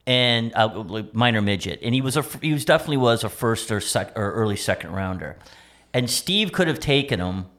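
A man co-hosts a casual podcast. His pitch swings widely as he talks. He jumps in eagerly to add context and to push for the next story. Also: lively intonation, fairly quick, a bit bright. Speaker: podcast co-host. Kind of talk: casual chat.

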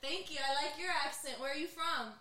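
A woman's voice: high voice, fairly quick, reverberant, crowd noise. A woman appearing as a guest on a talk show, chatting in a playful way. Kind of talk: casual talk show chat.

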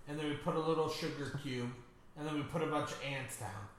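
A man's voice: fairly high pitch, quick pace. A man chatting casually through a movie commentary, joking and laughing often. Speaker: commentary co-host. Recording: echoey room with faint background noise.

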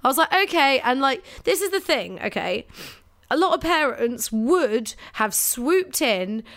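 A young woman telling stories in casual chat, animated and acting out quotes. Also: high voice, a little slow. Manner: animated storyteller, acts out quotes.

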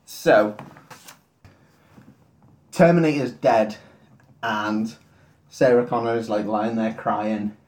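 A man's voice: on the low side, steady tone, slow, pauses often, a little mellow. A young man co-hosting a comedy podcast, retelling a film in a rambling, profane way with mock quotes. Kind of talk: crude comedic film recap. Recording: roomy echo.

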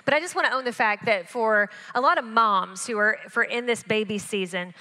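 A woman's voice: fairly high pitch, normal speed, pushed and bright. A woman speaking as a guest on a church stage, talking frankly and encouragingly to the audience about marriage. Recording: echoey church hall.

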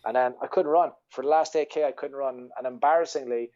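A man's voice: mid-range voice, fairly even intonation, fairly quick, darkish tone, lo-fi sound. A man with an Irish accent, a podcast guest telling a rambling story in casual chat, swearing freely and laughing as he goes. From Ireland. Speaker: podcast guest, ultra-runner.

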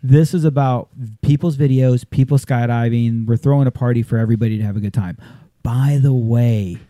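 A man's voice: medium pitch, fairly quick, warm tone, dry recording, studio quality. A man hosting a casual chat show, jokey and enthusiastic as he plugs an event. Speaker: podcast host.

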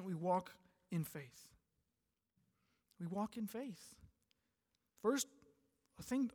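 A male pastor delivering a sermon, reading scripture and then speaking earnestly, rising to emphatic peaks and falling to soft, quiet passages. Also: sits high. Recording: long hall reverb.

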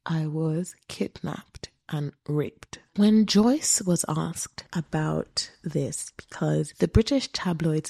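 Woman podcast host, low mellow voice, casual true-crime storytelling. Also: gravelly. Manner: animated, with quoted voices and asides.

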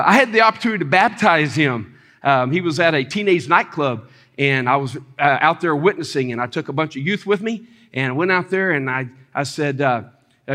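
A preacher man with a high voice tells testimony stories from the pulpit. He talks in an animated way, breaks into loud exclamations and chuckles, and leans on the crowd for agreement. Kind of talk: sermon testimony.

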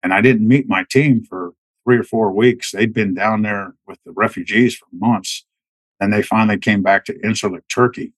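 A man in his fifties, a retired soldier, telling war stories casually in a halting way, with many restarts. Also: lowish voice, husky, no room sound, low-quality recording. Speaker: guest, retired Army Green Beret. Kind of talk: casual storytelling.

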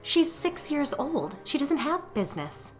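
A nervous young mother in a storybook, as a woman reads her part. She sounds tense and protective, and her voice is bright. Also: fairly low pitch, animated, faint music behind. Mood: worried. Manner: worried, quick to snap.

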